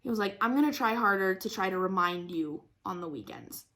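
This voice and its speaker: A woman's voice: medium pitch, expressive, fairly quick, a bit bright. A young woman chatting casually about her week while crafting, rambling with lots of fillers and frequent laughs. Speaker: craft vlogger.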